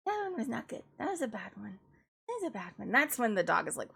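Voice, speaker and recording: Young female streamer, self-mocking, high lively voice, casual warm-up chat. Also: quick pace, creaky, husky. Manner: joking, self-deprecating, chatty. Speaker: streamer and classical vocalist. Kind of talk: casual livestream chat with vocal warm-ups.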